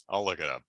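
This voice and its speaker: A middle-aged man hosting a casual movie discussion, talking in halting bursts with frequent restarts and fillers. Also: low voice, bright, forceful tone, no echo, rough recording. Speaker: YouTube show host.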